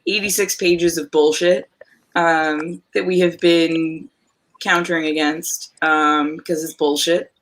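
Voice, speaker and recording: A woman's voice: sits low, steady tone, takes it slowly, poor audio. A woman on a video call reading a book aloud on a livestream, mocking it in a casual, jokey, swearing way. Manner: jokey, swearing, laughs often. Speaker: livestream reader.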